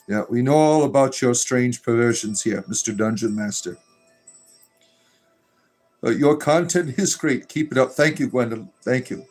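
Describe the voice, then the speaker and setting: A man's voice: medium pitch, expressive, measured pace, pauses often, soft background music. Joking man reading livestream chat. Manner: joking, irreverent, laughs often.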